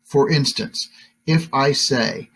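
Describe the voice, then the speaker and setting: A man teaching a recorded lesson to high school students, talking conversationally with lots of fillers and tag questions. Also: slow pace, vocal fry, fairly bright tone, breathy edge. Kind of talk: recorded classroom lecture.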